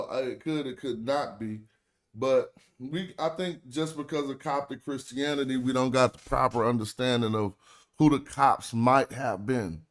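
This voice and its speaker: A man hosting a stream, talking loosely and emphatically in casual discussion. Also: mid-range voice. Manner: loose, emphatic, streetwise talk. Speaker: stream host.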